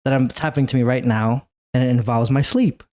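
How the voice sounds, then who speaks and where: A young man co-hosting a podcast in casual chat, teasing and playfully flattering his partner. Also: medium pitch, fast. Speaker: podcast co-host.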